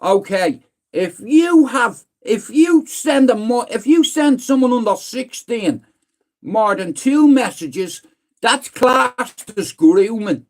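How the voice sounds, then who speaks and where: His pitch is extremely high and his intonation lively, and he takes things slowly. He's a middle-aged Dublin man hosting a casual livestream chat, rambling bluntly, swearing, and saying "listen" time after time.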